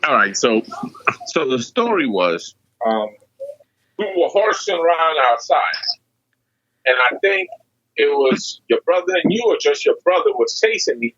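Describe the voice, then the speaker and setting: A man's voice: a little high, sing-song, unhurried, pauses often, a bit bright. A man calling into a podcast as a guest, telling a story in a rambling, casual way full of fillers, heard over a weak remote connection. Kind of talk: casual chat. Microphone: remote call with a weak signal. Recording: dull lo-fi call line.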